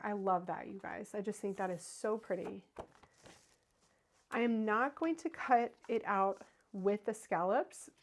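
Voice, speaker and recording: A woman's voice: mid-range voice, noisy background. A woman in her thirties hosting a card-making livestream, chatting casually and answering viewer comments as she works. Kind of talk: casual crafting demo with viewer chat.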